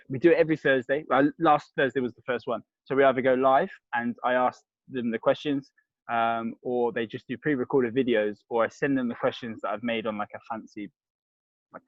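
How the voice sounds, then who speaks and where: A podcast guest from London, known as a crisp reviewer, chats casually in a steady, mid-range voice at a fairly quick pace. He rambles, with many restarts and fillers. No room sound comes through, and the highs are cut off.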